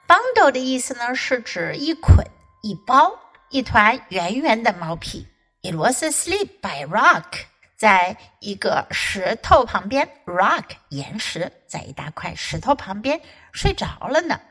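Casting: woman, high and animated, unhurried storybook reader with an American English accent. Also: slightly rough, rough recording. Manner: expressive, lively storyteller. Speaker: English teacher. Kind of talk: storybook reading with Mandarin explanations.

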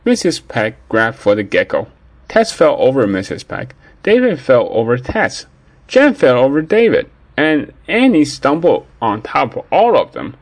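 Animated male storybook narrator. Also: medium pitch, a little slow, no echo. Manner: expressive, animated read-aloud. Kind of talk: storybook reading for children.

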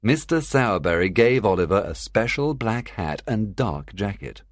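A man reads a simplified classic novel for learners in a very deep voice. He speaks slowly and clearly but with lively rises and falls in pitch. The recording is close and dry. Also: no echo. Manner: clear, deliberate storytelling. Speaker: narrator. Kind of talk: graded reader audiobook narration.

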